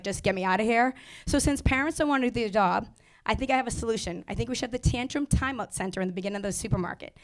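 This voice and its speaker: A woman in her thirties doing a stand-up set about motherhood, sassy and acting out little exchanges. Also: on the high side. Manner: brisk, sassy, acts out characters. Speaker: stand-up comedian. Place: comedy club stage.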